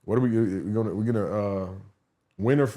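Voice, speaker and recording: A man hosting a podcast in a casual chat, telling candid, animated stories. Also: on the low side, fairly quick. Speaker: podcast host.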